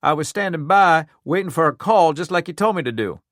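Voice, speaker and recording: A man's voice: on the high side, lively intonation, brisk, fairly bright tone, dry recording, studio quality, voice pushed up. A man voicing a male police detective who answers defensively.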